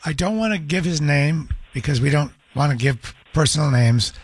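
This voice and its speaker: A man hosting a talk radio call-in show, speaking gently and sympathetically with callers into a studio microphone. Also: a little high, moderate pace, husky, no room sound.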